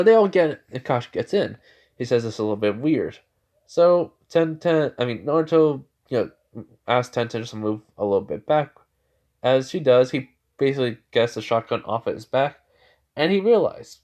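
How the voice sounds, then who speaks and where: A man telling a fan story off the cuff, at a middling pitch. He rambles and pads his sentences with fillers and restarts. It sounds unscripted and casual. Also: a little mellow.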